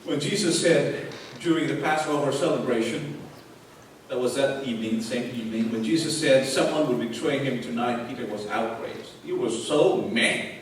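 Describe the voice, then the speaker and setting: A man's voice: mid-range voice, moderate pace, a little hiss or hum. A man preaching a sermon with passion, driving points home with repeated rhetorical questions. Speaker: pastor. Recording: echoey hall from far off.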